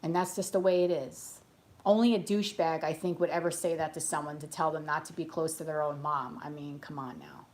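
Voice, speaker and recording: A woman with a low-pitched, fairly quick voice chats casually during a live tarot reading. Between readings she rambles off on tangents and tells stories bluntly, chatty and animated throughout.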